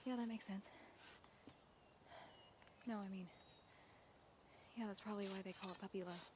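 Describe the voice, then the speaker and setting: A woman's voice: medium pitch, fairly even intonation, background noise, close to an everyday voice. Actress playing a wry young woman after a breakup. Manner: wry, halting, defensive. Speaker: lead character in a short film. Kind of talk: naturalistic film acting.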